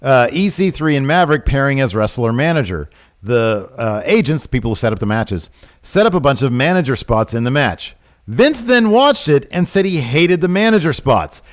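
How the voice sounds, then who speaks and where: A man's voice: medium pitch, normal speed. A man co-hosting a casual wrestling podcast, getting worked up and exasperated as he talks. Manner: animated, gets worked up and exasperated. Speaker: podcast co-host.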